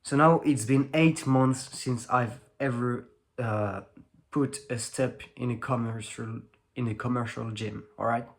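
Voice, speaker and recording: A man's voice: mid-range voice, steady tone, unhurried, a little hiss or hum. A teenage man with a French accent, a native French speaker, talking casually to the camera about his training, rambling with many fillers and restarts. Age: teens. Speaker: fitness vlogger.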